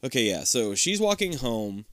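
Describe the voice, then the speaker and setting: A man co-hosting a chatty podcast, jumping up and down in pitch as he retells a scene and acts out bits of dialogue. His voice is smooth and clear. The sound is close and dry. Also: normal speed, dry recording. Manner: animated storyteller, swears, acts out lines. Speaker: podcast co-host. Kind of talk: casual chat retelling a show episode.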